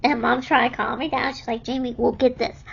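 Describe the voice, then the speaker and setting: A woman's voice: on the high side, brisk, vocal fry, breathy edge, lo-fi sound. A young woman casually telling stories from her hospital stay, laughing often and acting out what people said. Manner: laughs often while telling, animated quoting of others. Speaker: vlogger telling her life story. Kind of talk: casual storytelling.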